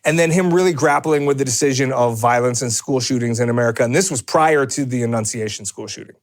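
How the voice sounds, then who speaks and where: A man's voice: mid-range voice, fast talker. A man co-hosting a podcast in a studio, rambling in casual chat with many restarts and fillers. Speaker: podcast co-host.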